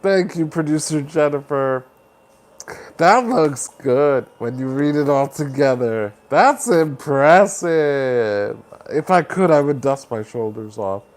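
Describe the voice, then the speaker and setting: A man's voice: medium pitch, unhurried, darkish tone. A man hosting a livestream, chatting casually and upbeat as he reads out viewer comments and rallies support. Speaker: livestream host.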